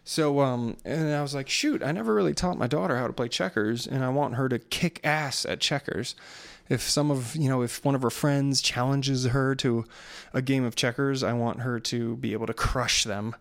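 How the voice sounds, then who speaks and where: Sleepy gravelly-voiced man rambling casually. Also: medium pitch, moderate pace, no room sound. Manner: rambling storyteller, yawning, relaxed. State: tired, sleepy. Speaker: podcast host. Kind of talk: casual solo podcast.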